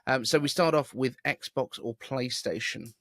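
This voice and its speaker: A man with a neutral southern English accent hosts a relaxed tech podcast, talking in a chatty, rambling, self-deprecating way. His voice sits at an ordinary pitch and sounds dry and close, with no room around it. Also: a little slow, no echo. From southeast England. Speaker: podcast host. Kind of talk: casual podcast chat. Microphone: video call.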